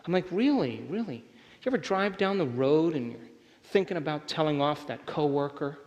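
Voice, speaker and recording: A seminar speaker with a slightly high voice talks at normal speed during a motivational lecture. He keeps checking in with the live audience to see whether they're following, with long hall reverb on the recording.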